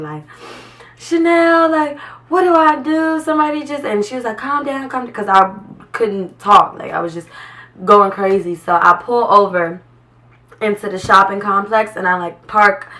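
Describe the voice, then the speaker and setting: Bright-voiced young woman telling a story. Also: medium pitch, recorded from a distance, rough recording. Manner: animated, full of "like" fillers. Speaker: vlogger. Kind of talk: casual storytime.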